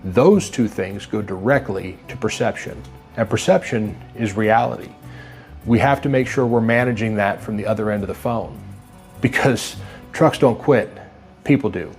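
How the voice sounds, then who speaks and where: A man giving a scripted motivational talk to trucking managers, speaking in a steady, instructive and emphatic way. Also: on the low side, normal speed, soft background music.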